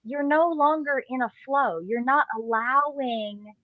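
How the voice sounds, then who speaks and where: A woman's voice: sits high, a little slow, dry recording, phone-quality sound. A woman co-hosting a podcast, explaining spiritual practice in a reflective, chatty way. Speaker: podcast co-host. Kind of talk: casual podcast conversation.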